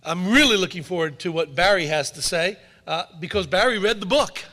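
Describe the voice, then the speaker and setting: A man's voice: high voice, expressive, brisk, sharp tone. Wry man speaking in an echoing hall. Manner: wry anecdotal storyteller. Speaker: author and speaker. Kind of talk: public talk to an audience. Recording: long hall reverb.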